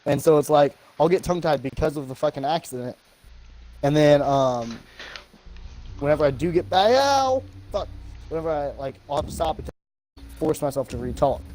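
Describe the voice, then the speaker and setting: A man's voice: a little high, darkish tone, rough recording. A man from the American South chatting while he plays a game. He swears constantly, gets heated at teammates and often stalls and restarts mid-sentence. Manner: gets tongue-tied, pauses and restarts. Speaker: gamer on a live stream. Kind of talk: casual chat while gaming.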